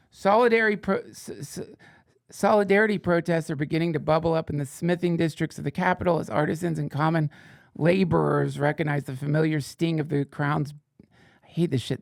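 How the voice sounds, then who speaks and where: Profane sarcastic podcast host, gravelly. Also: male voice, on the high side, a little mellow, no echo, studio quality. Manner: profane, sarcastic asides, rambling. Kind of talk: comedic reading of fake fantasy news.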